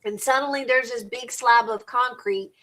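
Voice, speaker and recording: A middle-aged woman speaks a little high, with a fairly bright tone, fairly even intonation and a moderate pace. She's hosting a crafting live stream, reading off crafting measurements and chatting casually in a rambling way, repeating and restarting words. The recording is low quality.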